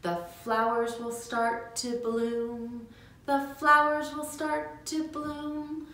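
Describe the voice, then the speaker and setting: A woman preschool teacher singing and reading a picture book to children, slow, gentle and sing-song. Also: high-pitched, completely flat delivery, heavy reverb.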